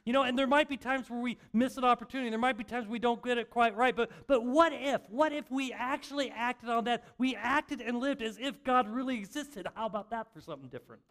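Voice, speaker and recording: An older male pastor with a high voice preaches in a church. He talks like he is chatting with friends, pokes fun at himself, and trips over his words as he restarts sentences. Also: brisk, hardly any pauses, a bit bright. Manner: conversational, self-mocking storytelling with frequent restarts. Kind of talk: sermon. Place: church sanctuary.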